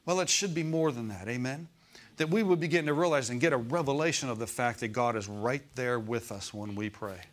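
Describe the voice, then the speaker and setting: Male pastor, mid-pitch voice, chatty preaching style with frequent asides to the congregation. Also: brisk. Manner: conversational preaching, asks the congregation for agreement. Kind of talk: sermon. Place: church.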